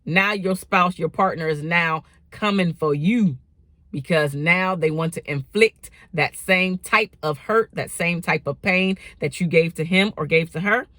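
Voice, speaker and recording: A woman's voice: fairly low pitch, unhurried, fairly bright tone, dry recording, studio quality. A woman giving casual relationship advice in an emphatic, preachy way, repeating key phrases and dropping slang. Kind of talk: casual motivational advice talk.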